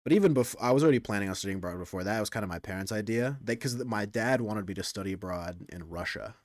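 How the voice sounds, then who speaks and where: Young male streamer, casual and crude, talks in loose run-on stories, slightly low voice. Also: fast, a little mellow, no echo, clean studio sound. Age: young adult. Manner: rambling, self-interrupting, crude.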